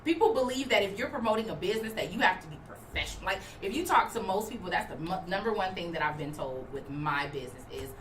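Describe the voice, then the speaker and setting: Fast-talking woman, echoey room. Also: on the low side, distant mic. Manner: animated, acts out cheerful customer-service voice in quotes. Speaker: guest, mobile party bus business owner. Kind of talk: casual podcast chat. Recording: echoey room, voice a bit off-mic, faint background noise.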